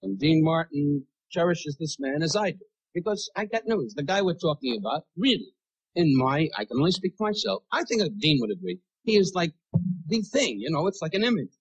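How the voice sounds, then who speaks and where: A brash man roasting a friend on stage. His voice sits a bit high and has a husky edge. He fires off insults in quick succession and shouts his punchlines. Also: sing-song, low-quality recording. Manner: brash rapid-fire insult humor. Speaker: roast comedian. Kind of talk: stand-up roast routine.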